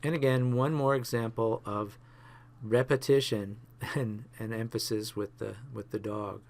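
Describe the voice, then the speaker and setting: A man's voice: on the low side, fairly even intonation, a little slow. A man teaching a photography class, talking through example pictures with many fillers and restarts. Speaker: photography instructor.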